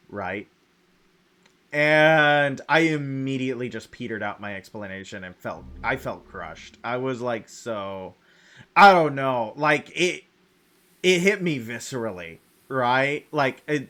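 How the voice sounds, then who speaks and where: Guy streaming a game, rambly and excitable, voice jumps up high out of nowhere, laughs a lot. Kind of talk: casual chat while playing a game.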